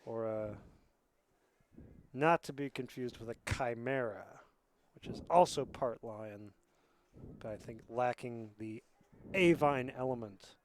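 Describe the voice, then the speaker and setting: A man commentating on a school rugby match from a small booth beside the pitch. He talks in a loose, rambling way full of asides, then jumps up in energy when a play breaks open. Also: slow, slight background noise. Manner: chatty, rambling asides, excited bursts on plays. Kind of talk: amateur sports commentary.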